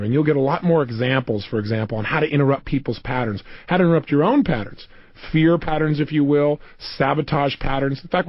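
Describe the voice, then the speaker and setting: Man, motivational speaker, lively storyteller with a dry, close sound. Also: medium pitch, no echo, highs cut off. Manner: animated storytelling, acting out quotes. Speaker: self-help speaker. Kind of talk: motivational audio program.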